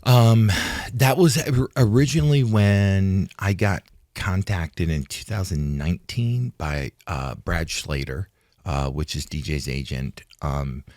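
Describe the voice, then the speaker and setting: Casting: very low male voice, dry studio sound, rambling retired fighter recounting events. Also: takes it slowly, a little mellow, dry recording. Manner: rambling, restarts, acts out quoted talk. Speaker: retired fighter, interview guest. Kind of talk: casual storytelling interview. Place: studio in Hollywood.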